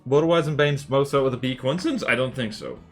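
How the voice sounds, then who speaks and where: A man's voice: mid-range voice, quick pace, faint music behind. A young adult man casually chatting while drawing on a livestream, playful, jokey and rambling.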